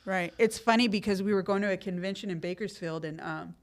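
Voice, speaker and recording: A woman's voice: mid-range voice, quick pace. A middle-aged woman, a podcast guest telling her story in casual, streetwise slang full of fillers. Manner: lively when acting out quotes.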